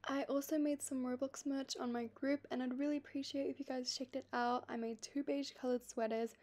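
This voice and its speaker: A young woman vlogger commenting over gameplay, gushing and excitable with frequent gasps. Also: high voice, fairly quick. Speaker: gaming vlogger. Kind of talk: game walkthrough commentary. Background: faint background music.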